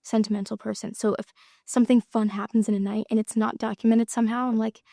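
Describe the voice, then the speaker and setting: An actress chatting as an interview guest, giggling often and trailing off with lots of fillers. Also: female voice, fairly high pitch, little pitch movement, quick pace, gravelly, warm tone, no echo, clean studio sound. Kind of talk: casual interview chat.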